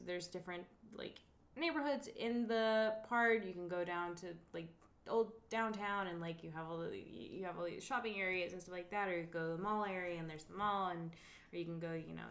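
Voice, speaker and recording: A young woman from the South co-hosting a casual chat, easygoing and relaxed. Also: fairly low pitch, normal speed, reverberant. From Asheville, North Carolina. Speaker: podcast co-host.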